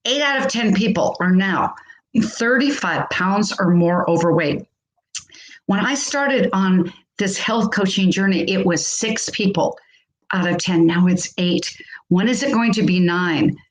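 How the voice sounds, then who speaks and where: A woman's voice: medium pitch, a little slow. A woman in her sixties, a health coach giving an emphatic motivational talk on the radio and repeating phrases for effect. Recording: roomy echo.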